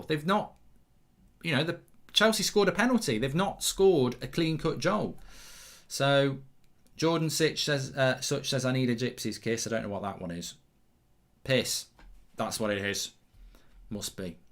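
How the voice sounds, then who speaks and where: Bright-voiced chatty English football host. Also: male voice, fairly high pitch. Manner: chatty, rambling, reacting live to the match and reading viewer comments. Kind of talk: live match watchalong commentary.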